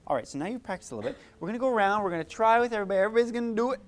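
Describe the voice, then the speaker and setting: A woman's voice: medium pitch, animated, rapid-fire, slight background noise. A woman music therapist teaching a group, chatty and encouraging, demonstrating vocal sounds and laughing often. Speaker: music therapist leading a workshop.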